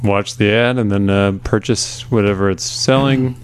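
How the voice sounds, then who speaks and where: A man's voice: fairly low pitch, fairly even intonation, normal speed, slight background noise. A man co-hosting a casual commentary podcast, making dry, matter-of-fact remarks. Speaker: podcast co-host.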